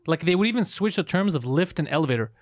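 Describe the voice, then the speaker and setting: A man co-hosting a podcast in rapid, profane bursts, acting out little quotes as he tells a story. His voice sits a little high and moves quickly. The close mic sounds dry. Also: animated, no room sound. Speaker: podcast co-host. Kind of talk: casual podcast chat.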